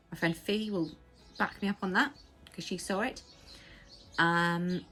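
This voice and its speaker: A woman's voice: lowish voice, pushed and bright. Chatty English woman knitting podcaster. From England. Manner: chatty and rambling, quick asides and laughs. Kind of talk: casual chat. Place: home.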